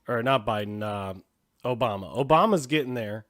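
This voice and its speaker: A man's voice: medium pitch, expressive, moderate pace, crowd noise. A man hosting a show, casually reacting to video clips with profane, chatty commentary. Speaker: host.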